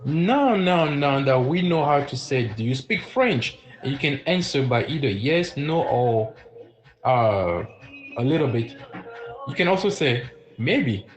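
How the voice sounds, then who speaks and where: A man teaching a live-streamed beginner French lesson, repeating words slowly and chatting with viewers in the comments. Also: mid-range voice, lively intonation, poor audio.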